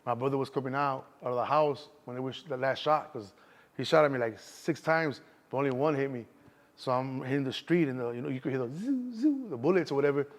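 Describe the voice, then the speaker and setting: A man's voice: medium pitch, a little fast. A middle-aged man with a Chicago accent, telling stories in casual street slang in an interview. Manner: streetwise slang, keeps saying "you know what I'm saying". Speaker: interview guest. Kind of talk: casual storytelling.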